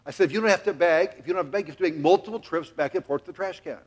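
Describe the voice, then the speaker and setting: A man's voice: high-pitched, rapid-fire, husky. A middle-aged man preaching a sermon in a church, telling a family story with jokes and acting out the quotes. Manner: animated, jokey, acts out quotes. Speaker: pastor.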